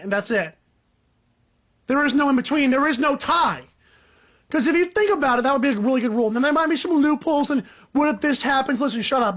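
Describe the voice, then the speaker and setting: A young man hosting a solo sports podcast, ranting in a rambling, animated, joking way. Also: muffled recording. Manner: animated, rambling, joking, pitch jumps up for emphasis. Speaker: podcast host.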